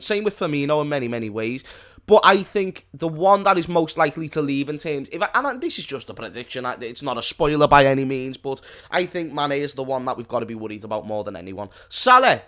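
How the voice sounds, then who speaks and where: A man's voice: medium pitch, a bit bright. A man co-hosting a casual football chat, jokey and opinionated. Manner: jokey, opinionated, bursts into laughter. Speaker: podcast co-host.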